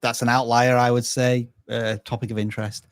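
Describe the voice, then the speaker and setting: A man hosting a live channel review, thinking aloud and giving measured advice. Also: medium pitch, level tone, clear, resonant tone, no echo, clean studio sound. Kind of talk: casual live-stream review.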